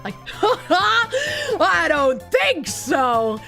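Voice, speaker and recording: A woman streamer commentating casually on a game, reacting quickly and swearing freely. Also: on the high side, very animated, a bit bright, soft background music.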